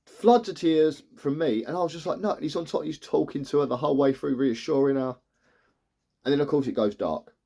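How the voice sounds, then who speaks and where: Male TV reviewer, choked up, retells scenes loosely and voices the characters, mid pitch. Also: fast, creaky, dark tone, slightly rough. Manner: rambling retelling that acts out characters' lines. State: tearful, emotional. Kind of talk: emotional episode recap.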